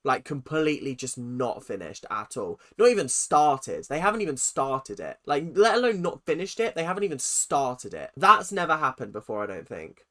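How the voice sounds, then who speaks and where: A young host in their twenties, ranting through a reaction video in a sarcastic, animated way and swearing freely. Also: mid-range voice, moderate pace, few pauses. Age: 20s.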